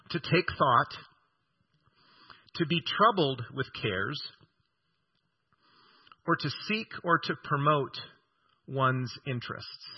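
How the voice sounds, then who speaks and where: A male pastor preaching a sermon, earnest and measured, slowing down to read scripture aloud. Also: fairly high pitch, breathy edge, muffled recording.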